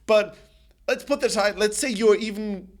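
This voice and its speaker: A man with a notably high voice delivers sales advice straight to camera. His talk is energetic and emphatic, blunt and plain-spoken. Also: moderate pace. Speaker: sales company host.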